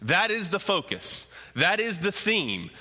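High-voiced man preaching in a church. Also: sing-song, measured pace, bright, forceful tone, big-room sound. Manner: emphatic, repetitive preaching cadence. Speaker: pastor. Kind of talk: sermon. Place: church sanctuary.

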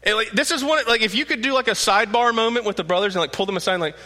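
A man preaching a sermon, telling the story with lively animation and acting out the quotes. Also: sits high, rapid-fire. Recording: echoey hall.

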